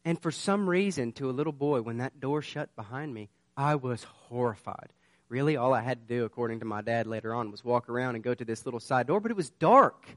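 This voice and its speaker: A man's voice: mid-range voice, expressive, a little fast, no room sound. Earnest preacher man, dry sound. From southern United States. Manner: earnest, conversational storytelling that builds to urgent warnings. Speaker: pastor. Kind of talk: sermon with personal storytelling.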